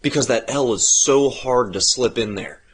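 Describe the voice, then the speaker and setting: A man hosting a podcast, telling a story in a rambling, profane, animated way. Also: medium pitch, normal speed, husky. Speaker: podcast host. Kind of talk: casual chat.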